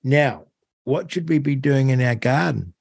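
A New man hosts a radio chat, asking questions and reacting with quick, curious interjections. His voice is mid-pitched and sounds dry and close to the mic. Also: creaky, a little mellow, slightly rough, no room sound. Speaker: radio host.

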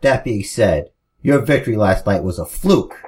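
A man's voice: lowish voice, lively intonation, darkish tone, a little hiss or hum, natural voice. A man voicing an arrogant male wrestling villain, sneering and methodical. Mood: cold. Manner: measured and methodical, then sneering.

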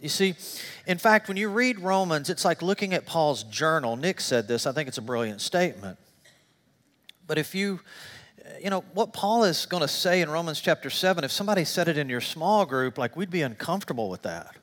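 A middle-aged male pastor preaches to a congregation, his voice sitting a little high and carrying a long reverb through the sanctuary. He tells stories with animated, self-deprecating humor, dropping quiet and low for confessional stretches. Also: brisk. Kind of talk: sermon. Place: church sanctuary.

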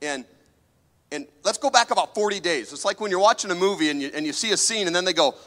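A man's voice: sits high, expressive, fast talker, bright, forceful tone, big-room sound. A man preaching a sermon, emphatic and full of questions put to the audience.

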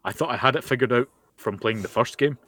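A man's voice: mid-range voice, fast, bright, forceful tone, no room sound. A Scottish man co-hosting a podcast, blunt and wry, swearing freely, over a voice chat call. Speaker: podcast co-host. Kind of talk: casual chat. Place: home, remote voice call. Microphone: computer mic over a voice chat call.

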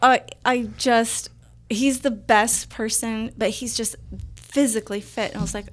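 With a slightly high voice and a somewhat slow pace, this woman, a guest in an interview, recounts a personal story casually. She gets animated and acts out the quotes.

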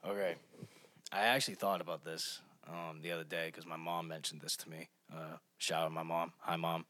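A young man with a deep voice, talking casually as a podcast guest, earnest and quick to laugh. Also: level tone, sharp tone, dry recording.

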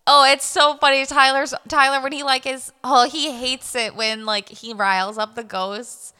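Bright-voiced giggly woman podcaster. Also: high voice, steady tone, normal speed, smooth. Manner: giggly, chatty, full of fillers. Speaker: podcast co-host. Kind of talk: casual chat.

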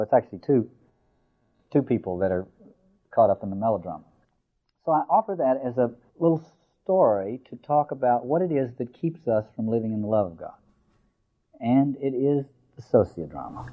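Man, lecturer, discursive explaining, slow story reading, tinny phone-like sound. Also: mid-range voice. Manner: reads passages slowly, then explains in a discursive way with fillers.

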